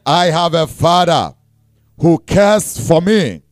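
A man preaching a sermon, leading the congregation in call-and-response with shouted, sing-song emphasis and frequent repetition. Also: on the high side, lively intonation, slow pace, no room sound, studio quality. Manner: repeats words and restarts.

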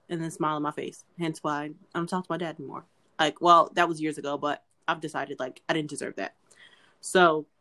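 A woman's voice: on the low side, a bit bright. A young adult woman co-hosting a podcast in casual chat, talking earnestly and repeating her pleas. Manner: earnest, pleading, repeats herself. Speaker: podcast co-host.

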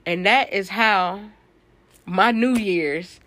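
A woman's voice: medium pitch, slow pace, a bit bright, no echo. A young woman hosting her own podcast, telling stories in a blunt, profane, casual monologue. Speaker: podcast host.

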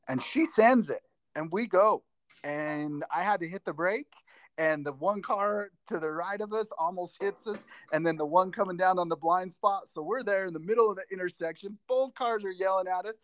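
A man's voice: sits high, moderate pace. Chatty driving-instructor man telling stories. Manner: rambling, animated storyteller with many restarts. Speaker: driver's ed instructor and school teacher. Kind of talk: casual podcast chat, storytelling.

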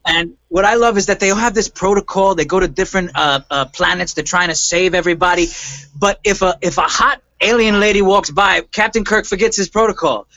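A man's voice: sits high, fairly quick, sharp tone, dry recording, dull audio. A man guest on a comedy radio show, cracking jokes and laughing between lines. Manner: joking, laughing, jumps into voices.

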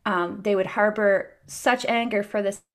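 A woman's voice: medium pitch, fairly even intonation, a little slow. Woman, podcast host, casual chat, earnest, encouraging.

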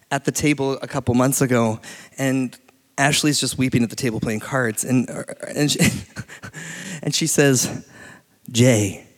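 A man in his late thirties preaching a sermon in a church, telling stories with lively energy and laughing often. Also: medium pitch. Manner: animated storytelling, laughs often. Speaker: pastor. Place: church hall. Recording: long hall reverb.

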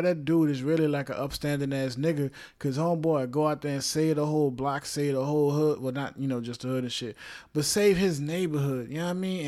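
Hosting his own podcast, a man with a somewhat mellow voice on the high side rambles jokingly through a casual monologue. He swears, uses lots of slang, laughs frequently and keeps throwing asides and check-ins to the listener.

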